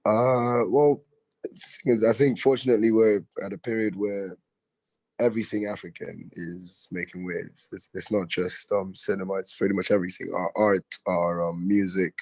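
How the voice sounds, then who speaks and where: A young man from Ghana with a hoarse, raspy voice, speaking as a guest in a casual conversation over a video call. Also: deep voice, fairly even intonation, normal speed, a little mellow, no room sound, low-quality recording. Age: young adult. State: hoarse, has lost his voice. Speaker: guest actor.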